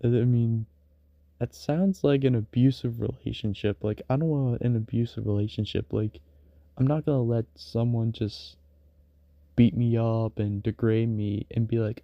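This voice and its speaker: A man's voice: mid-range voice, steady tone, measured pace, vocal fry, no room sound, highs cut off. A man rambling in a casual late-night stream monologue, full of fillers and restarts. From United States.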